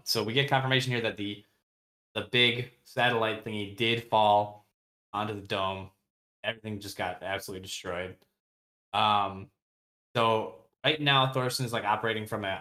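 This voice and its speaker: A man's voice: on the low side, normal speed, fairly bright tone. Casual man recapping a book. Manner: retells scenes, briefly voicing characters' lines; loose, slangy, with many fillers and restarts. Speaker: podcast co-host.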